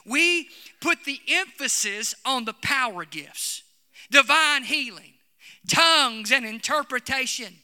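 A Pentecostal preacher man with a very high, piercingly bright voice, preaching with fervor that climbs into shouts. He leans on "uh" between his phrases. His voice rings out with the long reverb of a church hall. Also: clear, resonant tone. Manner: fervent preaching, often starting phrases with "uh", building to shouts. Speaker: Pentecostal pastor. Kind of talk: sermon. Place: church sanctuary.

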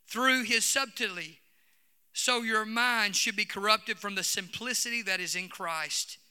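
A man preaching a fervent sermon as pastor, his voice swelling toward shouts. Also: sits high, normal speed, smooth. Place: church sanctuary. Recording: long reverb of a church hall.

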